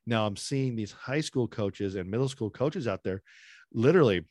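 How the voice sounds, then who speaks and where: A middle-aged man co-hosting a podcast, animated and opinionated in casual chat. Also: lowish voice, a little slow, no room sound, clean studio sound. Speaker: podcast co-host.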